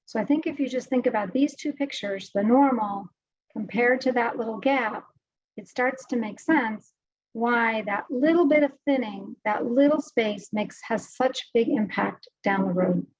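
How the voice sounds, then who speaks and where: A woman voice specialist giving a health webinar presentation, explaining clearly and patiently. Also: on the high side, measured pace, dry recording. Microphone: video call microphone. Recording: dry, slightly dull audio.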